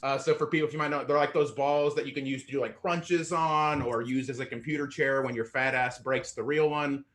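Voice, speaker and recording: A man from Indiana doing a stand-up set on an online show, out of breath and self-deprecating, halting over fillers and laughing into his punchlines. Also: medium pitch, fairly even intonation, fairly bright tone, a little hiss or hum. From Indiana, USA. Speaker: stand-up comedian.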